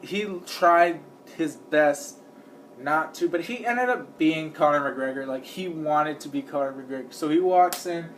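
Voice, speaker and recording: A man with a somewhat high voice rambles through casual commentary, leaning on fillers. He breaks into quick impressions of the people he talks about. A faint hum of noise sits behind him. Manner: acts out the people he describes. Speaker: video creator.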